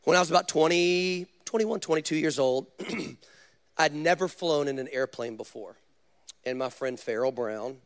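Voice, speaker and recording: A man, a pastor, preaching a sermon with animated storytelling and direct questions to the congregation. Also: on the high side.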